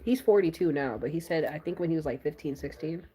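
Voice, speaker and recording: A woman's voice: low-pitched, fast talker, mellow, low-quality recording. A woman, chatting casually to her viewers in a blunt, exasperated way, sighing often. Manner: blunt, exasperated storytelling with frequent sighs. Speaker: vlogger. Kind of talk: casual chat to camera.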